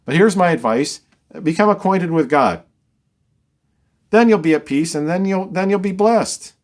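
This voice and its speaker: A man's voice: high-pitched, expressive, normal speed. A man voicing a smug, self-righteous man who lectures and mockingly laughs at his suffering friend. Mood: preachy. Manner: gloating, preachy, laughs scornfully.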